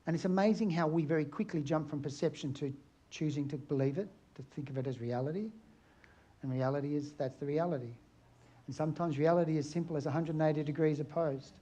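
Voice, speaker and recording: A man's voice: a little high, fast talker, warm tone. A middle-aged man from Australia, an aerial photographer giving a chatty, anecdotal conference talk and asking his audience questions.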